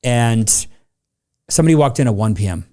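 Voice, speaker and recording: A middle-aged man hosts a casual podcast chat. His voice is dark and mellow, and he tells his stories with energy, slipping into the voices of the people he quotes. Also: mid-range voice, moderate pace. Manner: animated storyteller who acts out people he quotes. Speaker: podcast host.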